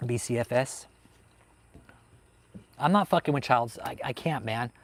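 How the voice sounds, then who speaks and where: A medium-pitched man speaks at a measured pace. He is the host of a cult-focused livestream, reading chat and responding in a fiery, profanity-heavy rant.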